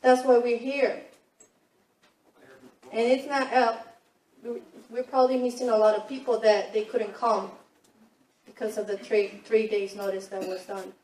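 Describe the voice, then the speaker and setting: A woman's voice: on the high side, flat delivery, measured pace, long pauses, darkish tone, a little hiss or hum. A woman giving an earnest public comment at a school council meeting. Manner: earnest, appealing. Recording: echoey room, distant mic.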